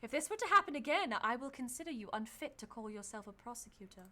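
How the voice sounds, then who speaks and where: A woman's voice: on the high side, big pitch swings, fast, noisy background. Stern female chief prosecutor, cold and clipped, read by a woman.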